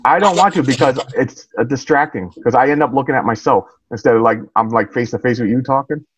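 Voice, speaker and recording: A man's voice: mid-range voice, fast talker, husky, dry recording, rough recording. A man who is a guest on a podcast, chatting casually in a plain, somewhat hesitant way.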